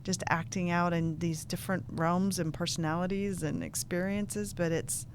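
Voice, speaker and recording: Soft-spoken woman groping for words. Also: on the low side, fairly even intonation, normal speed, a little hiss or hum. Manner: searching for words, hesitant, soft. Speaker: host. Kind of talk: casual spiritual chat.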